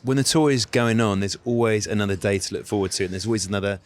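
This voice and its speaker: A man's voice: lowish voice, fast talker. A man interviewing a guest, asking friendly, conversational questions. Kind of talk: casual interview.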